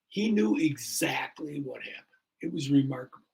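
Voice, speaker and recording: A man's voice: mid-range voice, sing-song, moderate pace, creaky, slightly rough, low-quality recording. A man in his sixties, a fire chief and podcast guest, telling a story in an earnest, rambling way with many fillers. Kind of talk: casual storytelling in a podcast interview.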